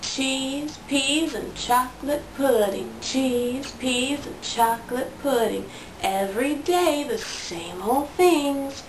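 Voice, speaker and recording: A woman reading a picture book aloud to her toddler in a slow, sing-song storytelling voice. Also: high voice, recorded from a distance. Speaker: parent reading to her child. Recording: roomy sound from away from the mic, faint noise.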